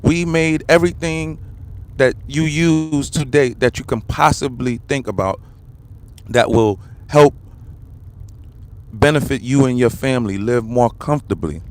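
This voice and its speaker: An American man hosts a political commentary livestream, ranting heatedly in a mid-range voice with lively intonation at an unhurried pace. He repeats his points and fires off rhetorical questions, speaking straight to his viewers and the comment section.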